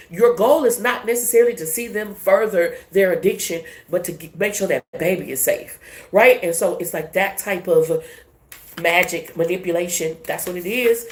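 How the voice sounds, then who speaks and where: A woman giving a casual tarot reading in a brash, profane, animated way. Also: fairly low pitch, normal speed, roomy sound, slight background noise. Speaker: tarot reader.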